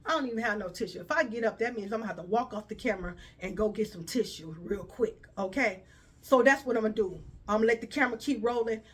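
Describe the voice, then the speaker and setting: Animated storytelling woman, slightly high voice. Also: fast, slightly rough. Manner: animated, profane, addresses viewers as y'all. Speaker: vlogger. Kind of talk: casual storytelling to camera.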